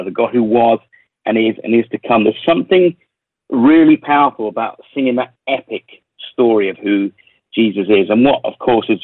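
Husky London man on a phone line. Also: fairly low pitch, no room sound. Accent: London English. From England. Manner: reflective, with frequent ums and repeated words. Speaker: worship leader and recording artist. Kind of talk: radio interview.

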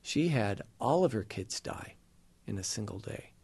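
A middle-aged man telling an earnest, emotional faith story in conversation, pausing and halting as he goes. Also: on the low side, animated, creaky, a little mellow, breathy edge. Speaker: guest sharing a personal faith story. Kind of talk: conversational testimony.

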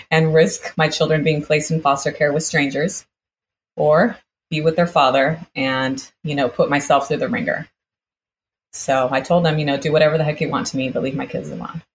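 A woman's voice: low voice, a little hiss or hum, low-quality recording. A woman guest telling a personal story vividly, acting out the exchanges she recounts. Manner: vivid retelling, acts out quoted exchanges.

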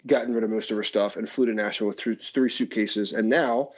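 A man's voice: lowish voice, fairly even intonation, brisk. A pastor in his forties, a man, speaking earnestly and reflectively as an interview guest. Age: 40s. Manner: earnest, reflective, with soft laughs. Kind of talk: conversational interview. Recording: dull lo-fi sound.

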